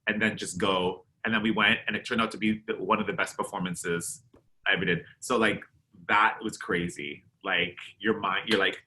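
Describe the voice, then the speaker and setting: A man from Canada, a drag performer, chatting in an interview and telling animated stories, acting out quotes and laughing often. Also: lowish voice, normal speed. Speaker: eliminated contestant, drag performer. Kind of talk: casual interview chat.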